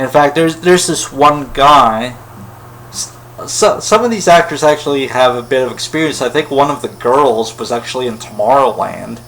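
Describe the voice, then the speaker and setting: A man's voice: medium pitch, gravelly, fairly bright tone, slight background noise, poor audio. A man giving a casual, rambling film review in a wry, critical way. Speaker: movie reviewer.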